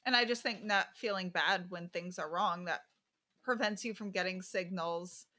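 A woman's voice: on the low side, normal speed, pushed and bright. A woman hosting a podcast, chatting in a casual, reflective way. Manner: conversational, reflective. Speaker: podcast host. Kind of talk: casual chat.

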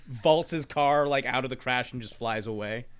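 A man's voice: medium pitch, moderate pace, clear, resonant tone. A man in casual podcast chat about a film, talking loosely with lots of "like" and laughter. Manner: chatty, laughing, hedging with "like". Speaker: podcast co-host. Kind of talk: casual movie discussion.

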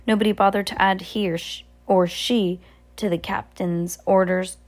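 A woman's voice: mid-range voice, steady tone, moderate pace. A woman reading a children's novel aloud, with frequent slips and restarts. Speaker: narrator. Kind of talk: amateur audiobook reading.

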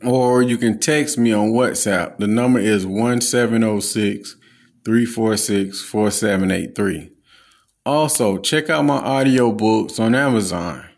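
A man's voice: lowish voice, unhurried, gravelly. A man hosting his own podcast, giving a blunt, profane, lecturing solo rant. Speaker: podcast host.

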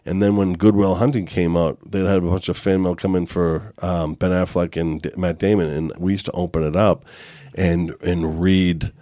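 A deep-voiced man swapping stories on a podcast, loose and profane in his telling. His voice is very low in pitch and sits close and dry on the mic, with no room sound around it. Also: level tone, moderate pace, few pauses, warm tone, no echo. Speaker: podcast guest. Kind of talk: casual storytelling.

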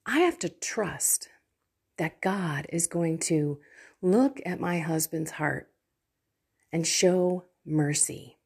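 A woman's voice: on the low side, slow, a little mellow, husky. A woman giving an earnest, heartfelt talk about her faith, speaking as a faith coach from home. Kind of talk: personal faith talk to camera.

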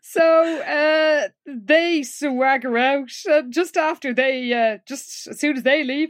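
A woman with a high voice recaps a TV episode on a podcast. She slips in wry, deadpan jokes and laughs along with her co-host. The recording is close and dry, with no room sound. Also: takes it slowly, no echo. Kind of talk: casual chat recapping a TV episode.

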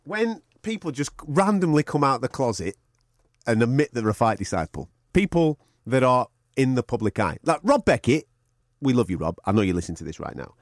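A man's voice: mid-range voice, fairly quick, no room sound, studio quality. A man co-hosting a podcast, teasing and joking in casual banter. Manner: teasing, animated, jokey. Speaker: podcast co-host.

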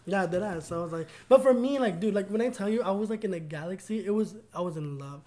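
A man's voice: sits high, fast talker, darkish tone. A young man co-hosting a podcast, telling a personal story in casual chat, earnest and gushing with lots of "like" fillers. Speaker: podcast co-host.

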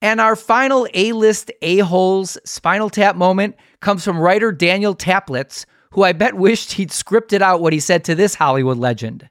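Male podcast host, high voice, dry close sound, scripted links. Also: moderate pace, hardly any pauses, no room sound. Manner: crisp, upbeat segment links. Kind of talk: scripted introduction.

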